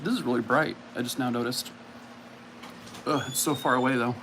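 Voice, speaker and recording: A man's voice: medium pitch, steady tone, brisk, noisy background. A man hosting a casual livestream, chatting and mocking himself as he reacts to viewer comments. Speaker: livestream host.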